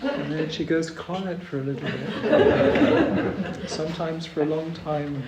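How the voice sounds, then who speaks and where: A man giving a dharma talk as a Zen teacher, hesitant with many pauses and ums, gently humorous. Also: fairly high pitch, big pitch swings, muffled recording, a loud crowd. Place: retreat meditation hall. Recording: roomy hall with faint ambience.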